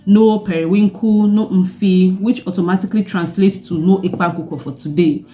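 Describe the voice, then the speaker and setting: A young Nigerian woman with a Nigerian accent, telling a personal story in a vlog with animated delivery and laughing asides. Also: mid-range voice, moderate pace. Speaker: vlogger.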